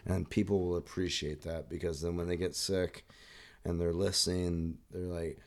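A man's voice: low-pitched, little pitch movement, normal speed. A man co-hosting a podcast in casual chat, emphatic and playful. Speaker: podcast co-host.

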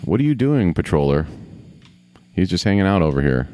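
A man's voice: deep voice, big pitch swings, fairly quick, dark tone, no room sound. A man casually commenting on a video game as he plays, grumbling, swearing and talking to himself. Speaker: gamer.

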